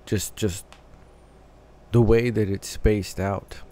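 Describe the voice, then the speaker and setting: A man's voice: fairly low pitch, fairly even intonation, slow, warm tone. A man hosting a music reaction, casually analyzing the vocals and arrangement as he listens, often restarting phrases as he thinks aloud.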